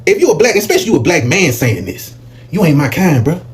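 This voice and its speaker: Lively fast-talking man ranting. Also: fairly high pitch. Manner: preachy, animated, mocking put-on quotes. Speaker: reaction channel host. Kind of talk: heated commentary.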